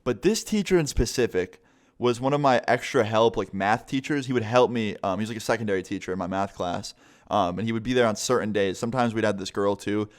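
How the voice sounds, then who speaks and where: A man's voice: fairly low pitch, a little fast. A young man telling a story in a casual, rambling way, swearing a lot. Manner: profane, rambling, full of fillers. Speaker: vlogger.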